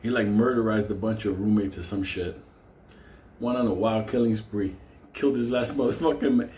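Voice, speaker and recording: A man's voice: on the low side, normal speed, a little hiss or hum. A man telling profane, laughing stories in a casual monologue as a channel host. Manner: profane, laughing, animated storyteller. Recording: echoey room with faint ambience.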